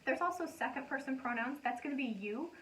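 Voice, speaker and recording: A woman's voice: sits high, expressive, brisk, fairly bright tone. Chatty young woman explaining grammar. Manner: frequent ums, conversational examples. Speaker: educator. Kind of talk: casual explanatory lesson. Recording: slightly distant mic, faint noise.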